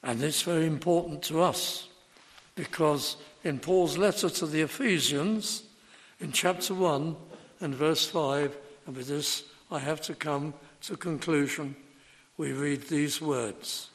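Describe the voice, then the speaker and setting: A man preaching a sermon slowly and deliberately, leaning hard on key words for emphasis. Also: on the high side. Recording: long hall reverb.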